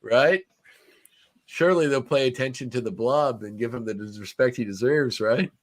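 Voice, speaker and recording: A man's voice: mid-range voice, normal speed. Male co-host, mid-range voice, chatty, joking, stumbles over words, video call. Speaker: podcast co-host.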